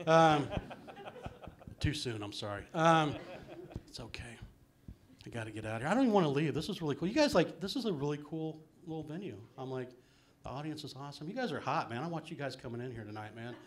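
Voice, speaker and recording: A man's voice: a little high, lively intonation, fast. A middle-aged man doing a live stand-up set in a small venue, rambling and self-deprecating, dropping "man" and "um" everywhere. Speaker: stand-up comedian.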